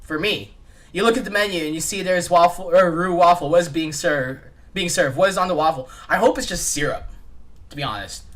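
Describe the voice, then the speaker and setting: A man's voice: high-pitched, brisk, a bit bright. A young man co-hosting a podcast in casual chat, joking and laughing often. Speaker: podcast co-host.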